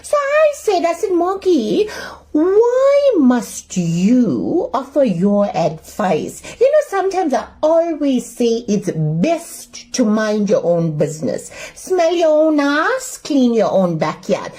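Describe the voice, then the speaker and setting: A woman's voice: high voice, very animated, unhurried, hardly any pauses, dark tone. A woman playing Auntie Sheila, a bossy, blunt middle-aged auntie with a South African Indian accent, giving crude comic advice. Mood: scolding. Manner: brash, scolding, crude sayings. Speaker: advice segment character.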